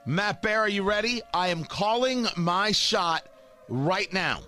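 A man's voice: high voice, expressive, slow pace, bright, forceful tone, slight background noise. A middle-aged man hosting a talk radio show, giving a brash, emphatic monologue with joking asides into a studio microphone.

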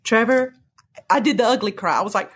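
A woman's voice: brisk, heavy background noise. A woman telling an emotional personal testimony as an interview guest, earnest and storytelling. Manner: earnest storytelling, swings to high cries when reliving moments.

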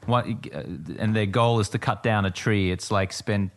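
Reflective, low-voiced man in chat. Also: fairly even intonation, normal speed. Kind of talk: casual conversation.

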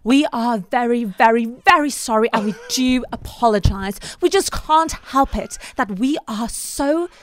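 A woman putting on a theatrical mock-British accent as an overwrought lady, slow and melodramatic. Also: a little high, natural voice.

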